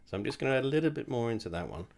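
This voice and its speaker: A man's voice: mid-range voice, big pitch swings, racing, gravelly, background noise. A young man rambling and swearing through a casual drinks tasting while drunk, mocking himself as he goes. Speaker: host of a drinks tasting video. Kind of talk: casual tipsy tasting monologue.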